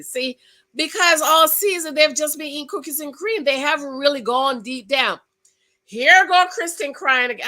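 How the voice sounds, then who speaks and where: Chatty, bright-voiced woman recapping TV. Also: high voice. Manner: chatty, gossipy, quick exclamations. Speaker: channel host. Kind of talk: casual reality TV recap commentary.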